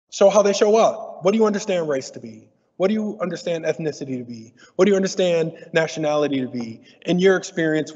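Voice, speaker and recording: Man speaking in an echoing hall. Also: fairly high pitch. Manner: lively, conversational, teasing. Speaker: diversity speaker. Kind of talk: conference talk to an audience. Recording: muffled audio in a reverberant hall.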